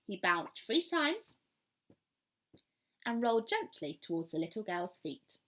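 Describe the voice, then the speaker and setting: A woman teacher reads a children's storybook aloud and stops to ask the class questions. She reads slowly and brightly, with a very lively, expressive pitch. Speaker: primary school teacher.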